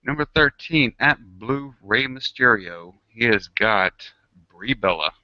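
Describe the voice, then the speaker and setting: A man's voice: mid-range voice, lively intonation, measured pace, highs cut off. A man co-hosting a show, announcing draft picks and giving brief replies. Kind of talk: casual chat.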